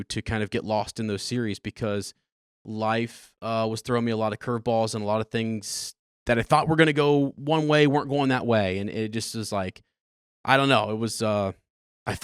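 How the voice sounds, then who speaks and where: A man's voice: medium pitch, clean tone, no echo, studio quality. A man in his thirties hosting a podcast, telling his personal story in a rambling, earnest and emotional way. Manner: rambling, earnest, emotional, with many restarts and laughs. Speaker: podcast host.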